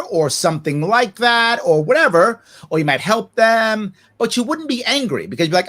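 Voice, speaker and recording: A man in his forties, a guest on a podcast interview, talking off the cuff in an animated way, laughing often and acting out other people's voices. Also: high voice, normal speed, hardly any pauses.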